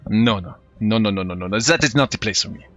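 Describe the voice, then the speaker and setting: A man's voice: lowish voice, fast talker, a bit bright, dull audio, close to an everyday voice. A man putting on a boastful French swashbuckler. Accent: put-on French. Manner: boastful, flamboyant, hesitant with fillers. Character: swashbuckling male mercenary sailor with a French accent.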